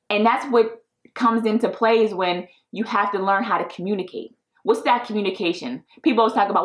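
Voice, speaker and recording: A woman in her thirties hosting a podcast, talking casually in an upbeat, encouraging way and laughing often. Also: mid-range voice. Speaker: podcast host. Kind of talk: casual solo podcast talk.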